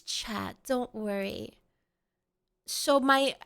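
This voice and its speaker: A woman's voice: high-pitched, expressive, a little slow, a bit bright. A woman streamer chatting casually with her viewers, teasing them in a playful mock-domineering way and often giggling. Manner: frequent giggles. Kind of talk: casual livestream chat.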